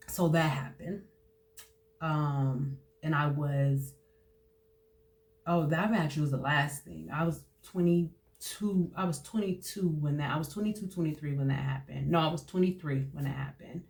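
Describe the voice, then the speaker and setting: A young woman speaks in a personal testimony monologue. She talks haltingly, with frequent fillers and restarts. Her emotion shows as her voice drops at times. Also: deep voice, a little mellow. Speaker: host sharing personal testimony.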